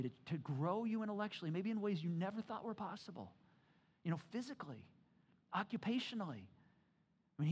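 This is a pastor delivering a sermon in a loose, conversational way. The speech is animated and playful, full of repeated words and restarts. It jumps from loud, excited bursts to quiet, earnest passages. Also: mid-range voice. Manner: animated and joking, swings from loud to hushed.

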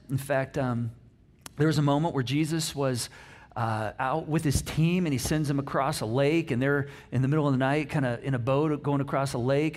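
A middle-aged man preaching a conversational sermon, animated and acting out the quotes he tells. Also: high voice. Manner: conversational, animated, acts out quotes, frequent restarts. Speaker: pastor.

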